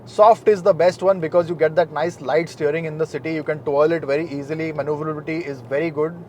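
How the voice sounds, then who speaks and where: Measured man reviewing a car. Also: on the high side, fairly even intonation, a little hiss or hum. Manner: measured, informative, matter-of-fact.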